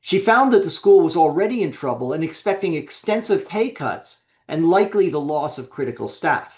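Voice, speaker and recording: Lively high-voiced man on dull webinar audio. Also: normal speed. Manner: lively, emphatic, with frequent restarts. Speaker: webinar presenter. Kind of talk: coaching talk with worked examples.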